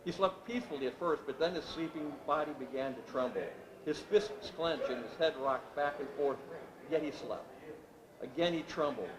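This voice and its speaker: A man's voice: on the high side, a crowd in the background. Man reading a story aloud in an echoey room. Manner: steady, measured narration. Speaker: author reading his work. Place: room at a literary event. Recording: echoey room with background noise.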